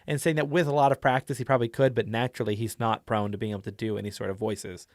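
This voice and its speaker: A man's voice: lowish voice, little pitch movement, fast, no echo, studio quality. A man giving a casual tutorial on tabletop role-play voices, chatty and rambling with many fillers. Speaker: tabletop game teacher.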